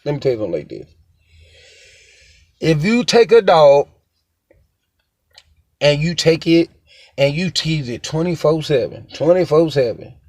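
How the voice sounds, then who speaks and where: A man's voice: fairly high pitch, a little mellow, dry recording. A young man, giving a rambling, repetitive and emphatic casual monologue as a dog owner, swearing now and then. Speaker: dog owner sharing opinions.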